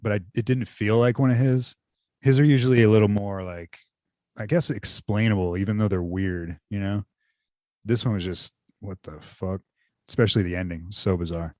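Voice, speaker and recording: A man's voice: on the low side, fairly even intonation, fairly quick, a little mellow, dry recording, studio quality. A man co-hosting a podcast in casual chat, rambling loosely and full of "like" fillers. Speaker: podcast co-host.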